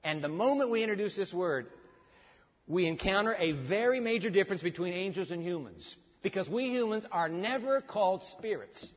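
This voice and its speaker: A man preaching a sermon in a large church, lively and directing the congregation as he teaches. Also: sits high, normal speed. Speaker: pastor. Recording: long reverb, dull sound.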